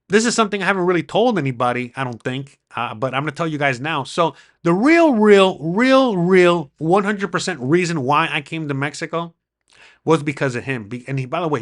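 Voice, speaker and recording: A man's voice: on the high side, fairly bright tone. A middle-aged man with a voice sitting slightly above the usual male range holds forth alone in a casual podcast monologue. He rants with real heat and swears freely. He circles back on himself in a loose, rambling way as he talks straight to his viewers. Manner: profane, ranting, heated. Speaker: podcast host; criminal attorney.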